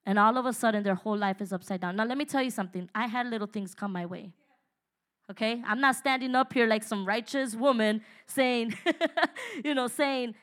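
Emphatic high-voiced woman preaching. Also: brisk, fairly bright tone. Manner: emphatic, exhorting, with laughs and asides. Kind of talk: sermon.

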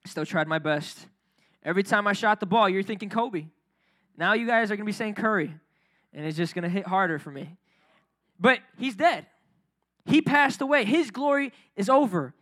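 Young man, youth preacher, very high voice, bright tone, casual energetic sermon. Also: moderate pace, pauses often. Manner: casual, energetic, rising to near shouting.

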